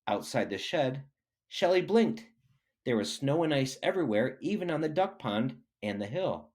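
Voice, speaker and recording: A man reading a children's picture book aloud, expressive and animated. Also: mid-range voice, normal speed. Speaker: reader.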